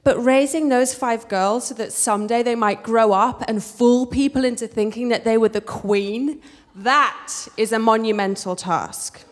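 A woman with an English accent telling a personal story on stage in a wry, expressive way. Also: on the high side, a little slow, big-room sound. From England. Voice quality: wry, expressive, switches between posh and street voices.

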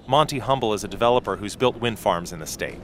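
Guy narrating a radio news piece, calm and clear. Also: lowish voice, fast, slight background noise. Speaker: radio reporter. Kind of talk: scripted news narration and field interviews.

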